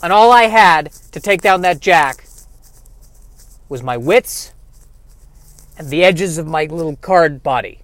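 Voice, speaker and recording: A man's voice: on the high side, expressive, slow pace, pauses often, fairly bright tone, no room sound. A man voicing a tough, boastful talking playing card who brags indignantly. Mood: bragging. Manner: indignant bragging.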